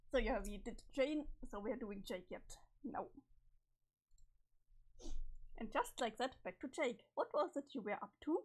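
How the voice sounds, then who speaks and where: A woman's voice: high voice, husky, poor audio. A woman streamer reading a webcomic's narration aloud on a live stream, with offhand spoken asides between passages.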